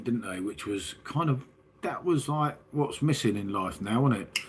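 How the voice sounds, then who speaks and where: Chatty husky-voiced southern English man. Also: medium pitch. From southern England. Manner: chatty, rambling, lots of tag questions and "mate". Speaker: livestream host. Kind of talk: casual chat with live chat.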